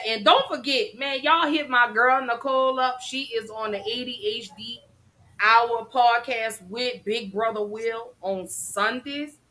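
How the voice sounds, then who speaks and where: A woman hosting a casual live-streamed mental health talk show, chatty and effusive, shouting out viewers. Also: a little high, rough recording.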